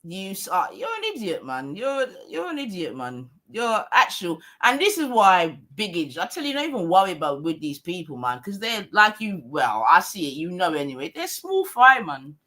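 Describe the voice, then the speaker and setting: Her voice is lowish and bright, with big pitch swings, a moderate pace, forceful delivery and hardly a pause. On her livestream she goes on a heated, combative rant, heavy on slang and swearing, hammering the same points again and again.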